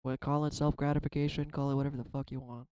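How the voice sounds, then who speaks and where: A man's voice: mid-range voice, level tone, fast, warm tone, clear, resonant tone, dry recording, low-quality recording. A man in a casual spiritual vlog, pulling and reading oracle cards, talking in a reflective and rambling way, emotional and swearing now and then. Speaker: tarot card reader.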